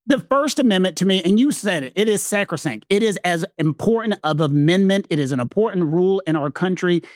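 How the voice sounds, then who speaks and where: A man's voice: high-pitched, lively intonation, brisk, no room sound, clean studio sound. A man with a Southern American accent explaining legal points in a podcast discussion, emphatic and lecturing, repeating phrases for weight. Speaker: legal commentator co-host.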